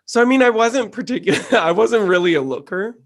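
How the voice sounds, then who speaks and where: A man co-hosting a podcast, chatting in a sassy, quick-witted way. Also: high-pitched, expressive. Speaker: podcast co-host. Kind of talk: casual chat.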